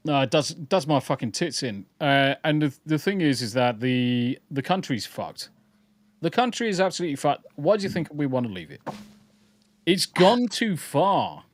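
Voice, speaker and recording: This man co-hosts a live-stream podcast, chatting casually in a slightly high, very animated voice at normal speed. He's blunt and sweary, rambling and restarting his sentences.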